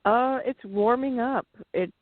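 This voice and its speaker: Slow-talking woman caller on a phone line. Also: fairly high pitch, dry recording. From California. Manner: slow, brief replies, laughs often. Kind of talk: phone call to a radio show.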